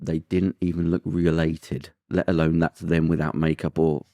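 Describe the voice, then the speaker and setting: A man hosting a casual podcast chat, telling rambling, emphatic stories in an animated way. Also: very deep voice, moderate pace, no room sound, studio quality. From Britain. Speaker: podcast host.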